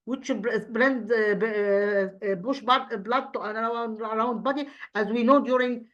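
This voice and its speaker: A woman's voice: fairly high pitch, steady tone, unhurried, highs cut off. A woman English teacher with an Egyptian accent, going through an exam review step by step and answering her own questions. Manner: explains step by step, asks and answers own questions, frequent restarts.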